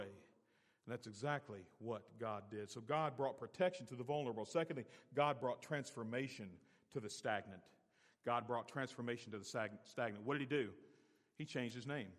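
A man preaching a sermon as pastor, repeating key phrases and swinging from quiet to loud. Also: mid-range voice, lively intonation, moderate pace, in a large hall.

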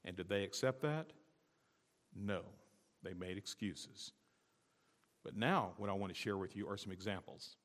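A man preaching a sermon as a pastor, talking emphatically and building to loud, high exhortation. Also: measured pace, pauses often, in a large hall. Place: church sanctuary.

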